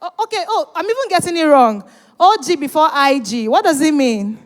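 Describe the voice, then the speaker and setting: A woman's voice: high voice, fairly quick. A woman hosting a live event, bantering with and teasing the audience and urging them to join in. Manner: animated, teasing, urging the crowd. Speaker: event host. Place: large event hall. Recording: reverberant hall.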